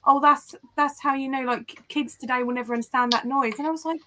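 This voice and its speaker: High bright voice woman, super animated, bouncy pitch, joking around with friends. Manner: animated and playful, quick jokes. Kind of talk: casual chat among friends.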